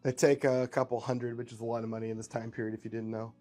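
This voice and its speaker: A man's voice: medium pitch, flat delivery, fast talker, dark tone, faint music behind. A man casually improvising a story aloud, rambling with fillers.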